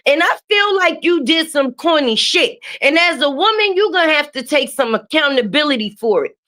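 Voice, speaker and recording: A high-pitched woman with a sharp, bright tone hosts a casual live stream, sniffly from a cold. She talks bluntly and animatedly, swearing freely and greeting viewers by name. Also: normal speed. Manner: animated, blunt and profane, calling out names. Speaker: livestream host. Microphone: webcam or phone mic while streaming.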